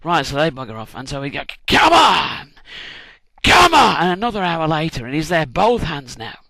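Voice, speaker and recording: Lively irreverent man telling a comic story. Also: fairly high pitch, fast talker, no room sound. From United Kingdom. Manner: irreverent, swearing, acts out shouted cheers. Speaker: vlogger.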